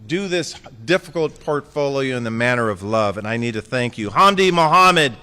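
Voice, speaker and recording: A man's voice: mid-range voice, a little fast, a bit bright, smooth, in a large hall, soft background music. A man giving a concession speech as outgoing mayor. He jokes and thanks people by name with affection.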